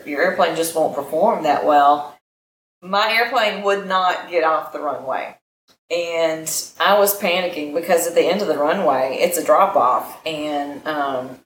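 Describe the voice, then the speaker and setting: A woman pilot telling a flying story in a casual interview, animated and laughing often, with many fillers. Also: sits low, a little hiss or hum. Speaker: guest pilot. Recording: echoey room with faint ambience.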